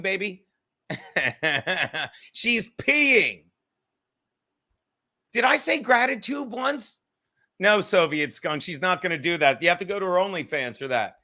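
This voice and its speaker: A man hosting a livestream podcast in a high, bright voice. He rambles and jokes with his viewers, swearing freely as he goes. The talk is loose and casual at a desk mic. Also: sing-song, slow, long pauses. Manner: rambling, profane, joking with the chat.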